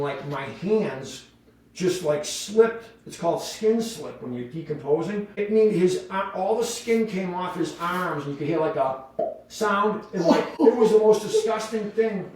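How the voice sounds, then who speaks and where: Male podcast guest, animated storyteller, voice a little high, off-mic in a very echoey room. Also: recorded from a distance. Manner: animated, full of "like" fillers and voiced quotes. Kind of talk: casual storytelling.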